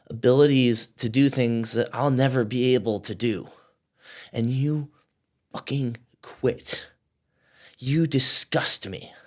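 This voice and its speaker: A man's voice: deep voice, steady tone, brisk, close to an everyday voice. A man voicing his blunt male friend, a gym manager, scolding him with curses. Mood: furious. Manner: yelling, cursing, scolding.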